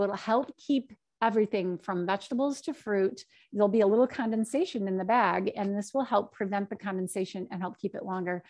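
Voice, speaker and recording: A middle-aged woman dietitian giving an online health talk, lively and acting out both sides of her stories. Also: mid-range voice. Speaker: dietitian presenter.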